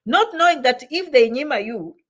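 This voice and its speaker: A woman's voice: high-pitched, expressive, moderate pace. A woman giving motivational immigration advice, emphatic and repeating phrases for stress, sometimes mixing in Swahili words.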